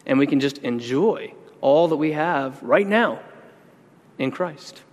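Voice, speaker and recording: A man preaching a sermon in an earnest, conversational way, slowing down to stress key words. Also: fairly high pitch, expressive, a little mellow. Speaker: pastor. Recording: long reverb in a large hall.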